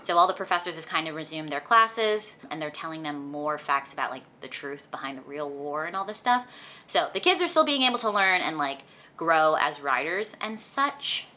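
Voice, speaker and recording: A young woman chatting through a book recap for her vlog, animated and full of "like", recorded at home. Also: sits low, moderate pace. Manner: chatty, animated retelling with lots of "like". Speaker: book vlogger. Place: indoors at home, sunlight on her face.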